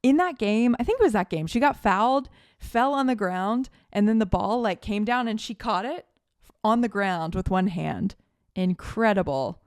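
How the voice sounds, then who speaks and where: A woman's voice: mid-range voice, animated, moderate pace, no echo. Woman, podcast co-host, casual sports chat, gushing fan, dry close sound. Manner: enthusiastic, gushing fan talk.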